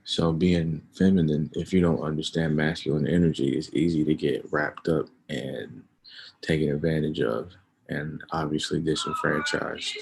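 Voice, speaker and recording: A man hosting a livestream, talking casually and emphatically about his views and getting loud at times. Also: a bass voice, level tone, moderate pace, creaky, a little hiss or hum. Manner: emphatic, rising to loud outbursts. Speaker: livestream host. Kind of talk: casual opinion chat on a livestream.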